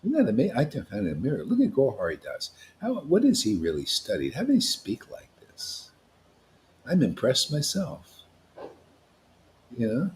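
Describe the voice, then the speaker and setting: Fervent male preacher, lively rising voice. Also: medium pitch, normal speed, slight background noise. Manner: emphatic and confrontational, casual slang; swings between loud declarations and hushed asides. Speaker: spiritual teacher at a devotee gathering. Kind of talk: impassioned devotional sermon.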